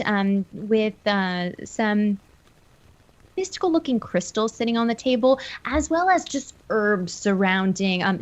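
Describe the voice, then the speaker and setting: A woman narrating a tabletop horror game as game master, describing scenes with many fillers and restarts. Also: mid-range voice. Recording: lo-fi call audio.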